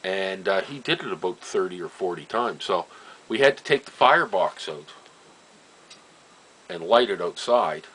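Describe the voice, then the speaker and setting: A man's voice: sits low, animated, normal speed, long pauses, a bit bright, husky, low-quality recording. An older man from Nova Scotia telling family stories in a casual way, chuckling often and repeating himself as he goes. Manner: laughs often, chuckling asides, trails off and repeats phrases. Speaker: storyteller. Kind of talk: casual personal storytelling.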